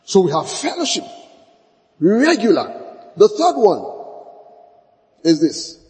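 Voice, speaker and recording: A man preaching in a high voice that swings widely up and down. He hammers points home by repeating key phrases, and the voice rings with a long hall reverb. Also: huge pitch swings, takes it slowly, a little mellow. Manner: acts out church members in short dialogues. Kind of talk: sermon.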